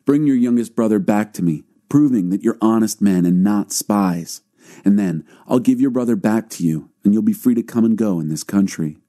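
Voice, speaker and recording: A man's voice: lowish voice, animated, moderate pace, mellow, close to an everyday voice. A man reading the commanding words of a stern, powerful ruler.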